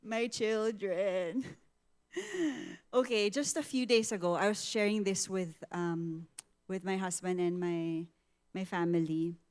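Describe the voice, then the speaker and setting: Unhurried Filipino woman telling a story. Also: mid-range voice, clean tone. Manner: animated storytelling, switching into Tagalog, acting out quotes. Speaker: women's ministry speaker. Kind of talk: conversational sermon testimony.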